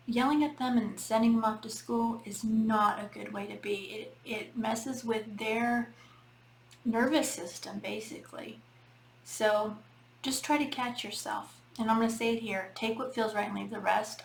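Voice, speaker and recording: A middle-aged woman, a healing coach, giving casual spoken advice in an earnest, repetitive way, talking straight to her listeners. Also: a little high. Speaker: healing coach and podcast host. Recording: echoey room with faint background noise.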